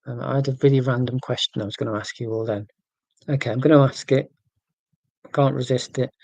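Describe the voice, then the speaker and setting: A man in his forties with an English accent from near London, hosting a casual livestream and answering viewer comments in a monotone, deliberately clear way. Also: mid-range voice, no echo, poor audio. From England, near London. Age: 40s. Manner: monotone, careful and deliberate about being clear. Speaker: livestream host.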